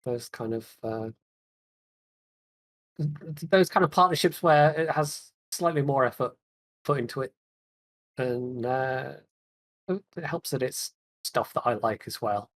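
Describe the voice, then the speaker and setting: A man's voice: medium pitch, unhurried, pauses often. Chatty male podcast host. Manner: chatty, laughs often, trails off. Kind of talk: casual gaming chat.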